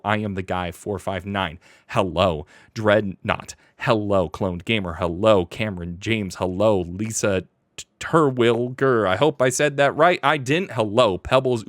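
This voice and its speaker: Man, low-pitched, dry close sound, hyper playful streamer chatter. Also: no echo. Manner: hyper, playful, rambling, laughs often. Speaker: streamer host. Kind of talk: live-stream reaction chat.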